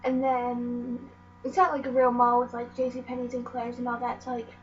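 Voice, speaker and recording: Rambling teen girl with a high voice. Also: little pitch movement, moderate pace. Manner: rambling, meandering, lots of "like" and "um". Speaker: vlogger. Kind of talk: casual storytelling vlog. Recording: dull lo-fi audio with faint mains hum.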